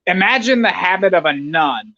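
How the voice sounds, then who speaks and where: Man, podcast guest, bright slightly high voice, rambling, wry. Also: animated, moderate pace, lo-fi sound. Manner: rambling, digressive, wry asides. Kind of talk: casual chat.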